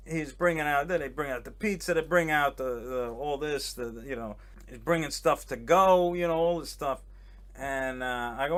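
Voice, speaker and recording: A man's voice: mid-range voice, moderate pace, fairly bright tone. A man and comedian, a guest telling a rambling, self-mocking story as a casual chat on a boat. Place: on a boat in a harbor.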